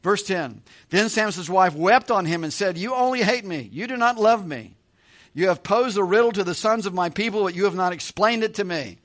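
Working verse by verse through Scripture, this male pastor reads the text aloud at normal speed in a high, slightly bright, animated voice. His delivery is conversational, full of jokey asides and frequent chuckles.

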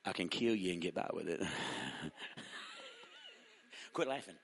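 A man preaching a revival sermon, teasing the congregation and rising to shouted fervor. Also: sits low, lively intonation, measured pace, creaky. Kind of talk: joking, call-and-response revival sermon. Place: church revival service. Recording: long echoing church hall reverb.

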